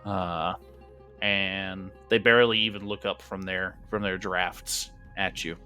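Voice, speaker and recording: A man runs a tabletop game with casual, joking narration and plenty of fillers. His voice is bright and sits a little low. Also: fairly even intonation, measured pace, faint music behind. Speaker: game master.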